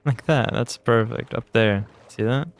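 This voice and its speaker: Yawning and worn out, this young adult gaming host talks casually while playing, drifting between topics and making self-deprecating remarks. He speaks in a gravelly, mid-range voice at a measured pace.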